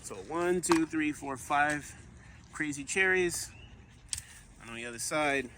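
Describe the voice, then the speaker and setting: A man's voice: on the high side, measured pace, background noise. A man casually narrating a garden vlog outdoors, chatty and counting plants aloud as he goes. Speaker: vlogger gardener.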